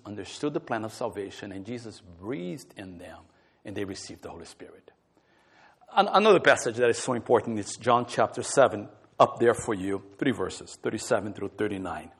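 A man preaching a sermon in a church, emphatic, swinging between loud stressed words and soft drops. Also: medium pitch, breathy edge. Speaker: counselor.

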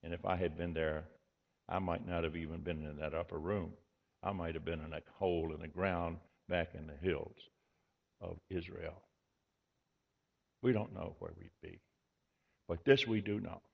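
A male pastor with a low, gravelly voice delivers an earnest, measured sermon and leans on repetition to drive his points home. The recording is dull and lo-fi, with a long reverb tail from a large church hall. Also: steady tone.

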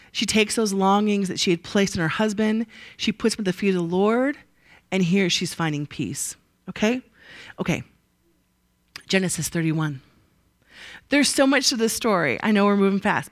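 In a dry recording, a woman with a medium-pitched voice leads a live Bible study in a conversational style. She's lively, often posing rhetorical questions to the group and then answering them herself.

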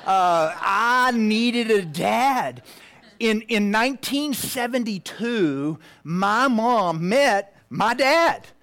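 Preacher, male, 50s, slightly higher voice, heartfelt storytelling that sinks to a hush. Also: animated, drawn-out words. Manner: heartfelt, drops to a hushed near-whisper at tender moments. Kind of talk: personal story in a sermon.

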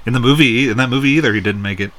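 A man's voice: medium pitch, rapid-fire, fairly bright tone, slight background noise. A man co-hosting a film podcast in casual chat, laughing a lot and acting out quotes. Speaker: podcast co-host.

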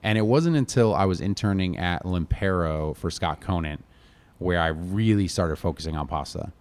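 A middle-aged American man from Connecticut, a chef telling stories in a relaxed interview, rambling and full of fillers like "like" and "you know". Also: low-pitched, normal speed. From Connecticut, USA. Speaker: chef, guest. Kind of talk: casual storytelling interview.

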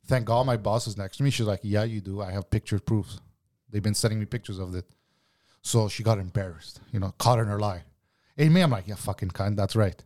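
A man's voice: fairly low pitch, fairly quick, darkish tone. Profane man telling a heated story. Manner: acts out both sides of arguments. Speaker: guest telling a work story. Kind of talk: casual podcast chat.

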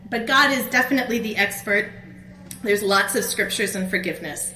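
A middle-aged woman telling a personal story as a conference speaker at a faith event, animated and acting out her own outbursts. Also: medium pitch, fairly quick, a little hiss or hum. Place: conference hall. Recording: echoey room with faint ambience.

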